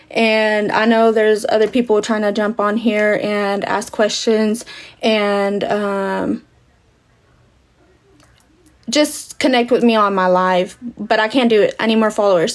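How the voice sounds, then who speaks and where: A young woman, chatting casually on a livestream and answering viewer questions with emphatic asides to her audience. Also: mid-range voice.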